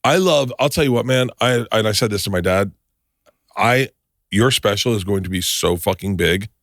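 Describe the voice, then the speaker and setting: A man's voice: on the low side, moderate pace, a bit bright, dry recording. A man in his forties co-hosting a podcast in casual chat, rambling with many restarts and swearing, recorded on a close studio mic. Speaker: podcast co-host.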